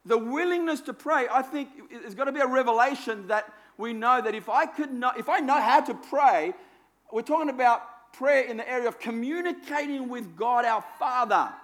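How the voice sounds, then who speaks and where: High-voiced preacher man, conversational. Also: normal speed, a bit bright. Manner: conversational, self-deprecating, with repeated phrases. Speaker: pastor. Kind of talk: sermon.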